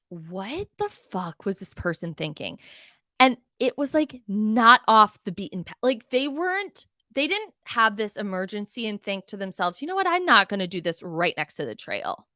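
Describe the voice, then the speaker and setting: A young woman hosting a podcast, telling a story in a casual, animated and profane way, full of exasperation. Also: mid-range voice, no echo, studio quality. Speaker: podcast host.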